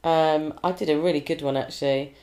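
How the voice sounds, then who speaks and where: Low-voiced woman, chatty singer-compère, animated storyteller. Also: brisk. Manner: chatty, animated storytelling with lively put-on quotes. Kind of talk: casual interview chat.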